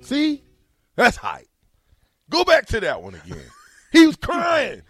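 A man hosting a sports talk show, mocking a clip with laughter and loud asides. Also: very high voice, huge pitch swings, measured pace, long pauses, no room sound, faint music behind.

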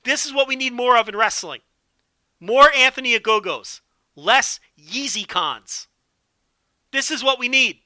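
A man hosting a solo podcast with animated, profane, joking commentary. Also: very high voice, measured pace, pauses often, dry recording, studio quality. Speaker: podcast host.

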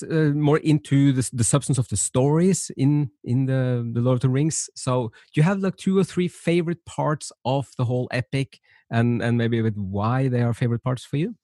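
A man's voice: medium pitch, dark tone, no echo, clean studio sound. A man hosting a podcast interview who talks hesitantly, with many fillers and restarts. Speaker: podcast host. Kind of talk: casual interview conversation.

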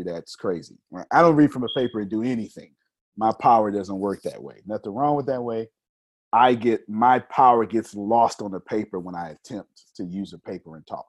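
A man, a professional speaker explaining his techniques to a group, talking deliberately with intentional pauses. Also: mid-range voice, a little mellow.

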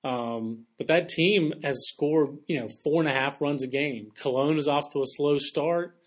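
A man co-hosting a baseball podcast, talking in a quick, chatty way with joking asides. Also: fairly high pitch. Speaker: podcast co-host. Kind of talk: casual sports talk.

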